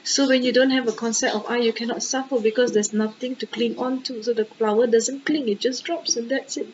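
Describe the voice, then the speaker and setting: A woman, a Buddhist nun and teacher, gives a dharma talk in an animated way, full of rhetorical questions and exclamations and often checking in with her listeners. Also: a little high, brisk, lo-fi sound, a little hiss or hum.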